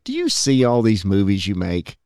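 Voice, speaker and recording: A male host chats casually with an old friend, his voice mid-pitched and lively in its rises and falls. He reacts warmly to stories with quick interjections, recorded dry and close. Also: smooth, no room sound. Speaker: podcast host.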